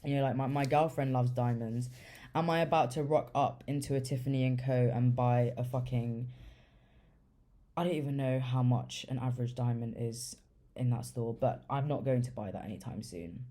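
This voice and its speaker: A woman's voice: a bass voice, steady tone, moderate pace, mellow. A young woman telling a story in a loose, casual way, full of swearing and fillers like "like". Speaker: vlogger.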